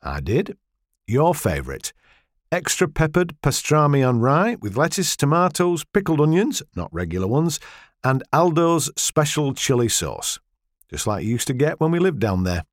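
A man's voice: a little high, sing-song, normal speed, no room sound, studio quality, pitched above the performer's own voice. A man voicing a cheeky, blunt English husband with a teasing, sarcastic edge in an audiobook.

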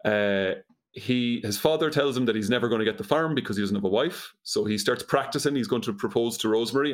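A man chatting casually, dryly and incredulously retelling a film's plot, often laughing. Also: on the low side. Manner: dry, incredulous storytelling with laughs. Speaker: podcast co-host recapping a movie. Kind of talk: casual comedic chat.

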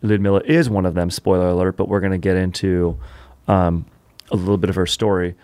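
A man's voice: low-pitched, fairly quick, no echo. Punning male comedy podcast host. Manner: animated, joking, punning. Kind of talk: comedic history storytelling.

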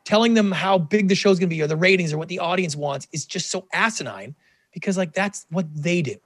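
Animated man telling stories, dry sound. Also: sits high, a little fast, no echo. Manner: animated, acts out quoted dialogue. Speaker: guest, television producer. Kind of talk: casual interview storytelling.

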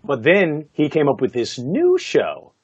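A man, a voice actor, telling stories from his career in a casual interview, animated and laughing often, with many "you know" fillers. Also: fairly high pitch, unhurried, breathy edge, no echo, dull audio. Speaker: voice actor guest.

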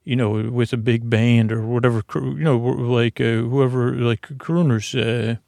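A man hosting a sleep podcast with a creaky voice, talking in a slow, meandering way with many fillers. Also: mid-range voice, steady tone, no echo, studio quality. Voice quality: creaky, gravelly voice. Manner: rambling and soft-spoken, with many fillers and restarts. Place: home studio in an apartment. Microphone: prosumer podcast microphone.

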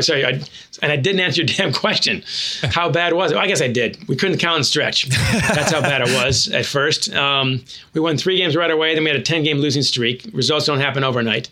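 Bright-voiced storytelling man. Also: a little high. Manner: animated, self-deprecating anecdotes. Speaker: author and former hockey coach. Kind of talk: storytelling interview answer.

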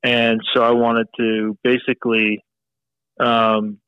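A man's voice: medium pitch, level tone, takes it slowly, clean tone, dry recording, dull audio. A man talking casually as a podcast guest, rambling and leaning on "you know" as he explains his fly tying. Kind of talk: casual interview chat.

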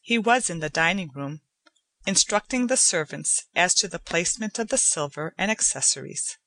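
A woman narrating a short story as an audiobook reader, in an even, unhurried way. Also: fairly low pitch, no room sound.

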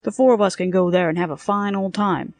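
A woman voicing a smooth-talking male crook from the future, chummy and wheedling. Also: lowish voice, a little fast, dry recording, close to an everyday voice. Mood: coaxing.

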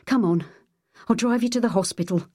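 A woman reading an audiobook, voicing a brash, overbearing middle-aged wife who talks loud and pushy. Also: medium pitch, fairly quick, pitched above the performer's own voice, natural voice. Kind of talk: audiobook character voice.

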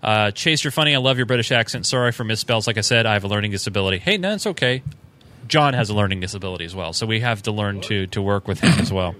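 A man's voice: on the low side, fast talker, sharp tone. A man co-hosting a casual podcast, reading listener emails aloud with fillers and small chuckles.

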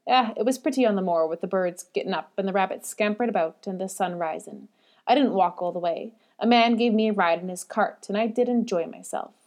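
A woman's voice: medium pitch, a little fast, a little mellow, lightly acted. A woman doing a chatty Yorkshire maid. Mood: cheerful. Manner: broad dialect, eager and chatty. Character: cheerful young Yorkshire housemaid, chatty.

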